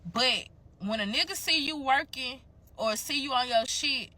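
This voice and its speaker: A woman's voice: high voice, a little slow, bright, forceful tone. A young woman telling a candid, profane story to her viewers in a casual, chatty way.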